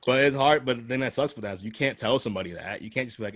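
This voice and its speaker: The host races along with few pauses, his fairly low voice carrying a bit of brightness. It's a casual podcast chat full of loose, profane storytelling in which he acts out the people he quotes.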